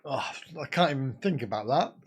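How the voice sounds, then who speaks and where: A man's voice: mid-range voice, expressive, fairly quick, breathy edge. A man in his fifties from the UK, hosting a casual live stream and bantering crudely with his viewers. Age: 50s.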